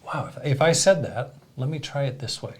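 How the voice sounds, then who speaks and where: A man's voice: medium pitch, lively intonation, a little fast, a little mellow. A man co-hosting a casual podcast, speaking in a reflective, earnest way. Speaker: podcast co-host.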